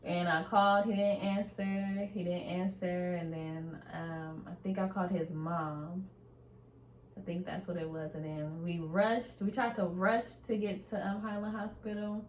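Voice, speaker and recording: Halting Bay woman in an echoey room. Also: lowish voice, fairly even intonation, slight background noise. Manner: halting, with many fillers and pauses. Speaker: podcast guest. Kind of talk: casual chat.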